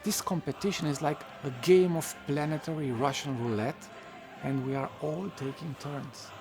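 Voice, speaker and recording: Gravelly man narrating an essay. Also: on the high side, moderate pace, music in the background. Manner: reflective, occasional wry asides.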